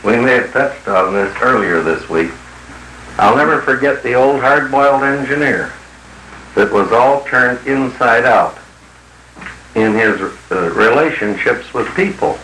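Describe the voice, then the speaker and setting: A man's voice: mid-range voice, measured pace, sharp tone, reverberant, a little hiss or hum, low-quality recording. A man working as a business consultant tells blunt, folksy stories to a group in an archival 1950s recording. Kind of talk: anecdotal talk to a group.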